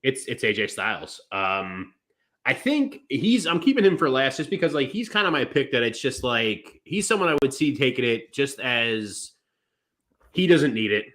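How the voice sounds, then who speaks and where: This wrestling podcast co-host speaks at a moderate pace in a very animated, medium-pitched voice with a slightly bright tone. He talks casually, rambling at length with plenty of fillers and restarts.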